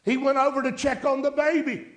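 A preacher with a notably high voice tells a story to his congregation. He speaks plainly and pleads with his listeners, and his voice rings in a roomy, echoing space. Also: level tone, fairly quick. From rural United States. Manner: storytelling preacher, rising to emphatic pleas. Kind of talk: sermon.

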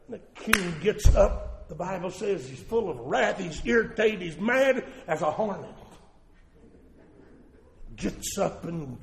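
A man preaching a sermon in a church service, telling the story dramatically, moving from hushed to shouting. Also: high-pitched, animated, slow, gravelly. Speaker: pastor. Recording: long church hall reverb.

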